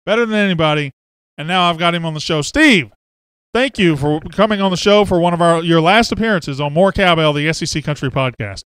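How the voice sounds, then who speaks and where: A man hosting a sports podcast, excitable and brash, speaking from a studio. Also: on the high side, a little fast, smooth, no echo. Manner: excitable, brash, loud bursts. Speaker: podcast host. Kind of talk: energetic sports podcast talk.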